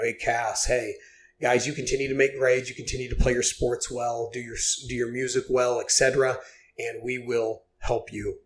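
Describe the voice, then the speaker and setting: A man's voice: mid-range voice, a little hiss or hum. A man in his forties from Oklahoma, a podcast guest telling his story in an earnest, heartfelt way, with lots of fillers. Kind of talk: casual podcast interview.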